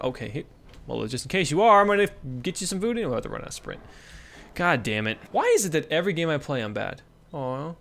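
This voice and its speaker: Casually swearing and coaxing his in-game kids along, a young man with a mid-range voice commentates a let's-play. His delivery swings between excited yelps and hushed murmurs.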